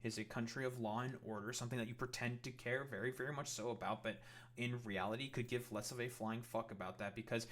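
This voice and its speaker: Guy ranting on a reaction stream, swears a lot, rambles with ums, bright edgy voice. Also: mid-range voice, fairly even intonation, a little fast. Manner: profane, rambling with many fillers. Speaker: commentator.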